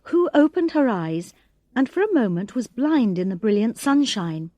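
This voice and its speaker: A woman reading a graded English storybook aloud in a slow, clear narration, voicing the characters' lines expressively. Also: on the high side, very animated, dark tone, no room sound, highs cut off. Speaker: audiobook reader.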